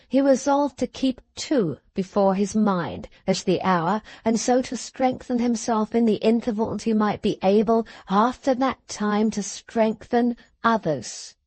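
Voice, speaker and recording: A woman narrating an audiobook in a measured way, slowing at the end of phrases. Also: mid-range voice, a little mellow, no room sound. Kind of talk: scripted narration of a classic novel.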